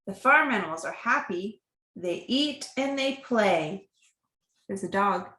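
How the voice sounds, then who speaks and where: A woman reading picture books aloud to a child, slow and animated, with animal sounds. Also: medium pitch. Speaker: reader to a child. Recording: echoey room.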